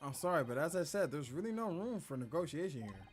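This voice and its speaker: A stern middle-aged pawnbroker, as a man plays him, curt and dismissive with his customers. The voice is fairly high and rises and falls a lot. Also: very animated, fast talker.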